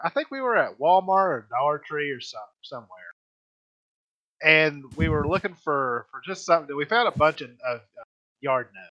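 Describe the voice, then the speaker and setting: Bright-voiced rambling podcast guy. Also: fairly high pitch, dry recording, muffled recording. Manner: rambling storyteller with many restarts and fillers. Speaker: podcast co-host. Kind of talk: casual chat.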